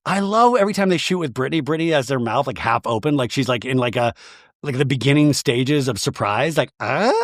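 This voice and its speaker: A man hosting a comedic recap podcast, with an animated delivery that keeps slipping into exaggerated voices for the people he quotes. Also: mid-range voice, quick pace, dry recording, clean studio sound. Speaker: podcast host recapping reality TV.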